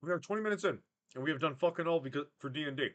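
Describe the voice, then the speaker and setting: A man's voice: a little high, rapid-fire, fairly bright tone. A man running a tabletop game as game master, joking, self-deprecating and profane. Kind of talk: casual livestream narration of a tabletop game.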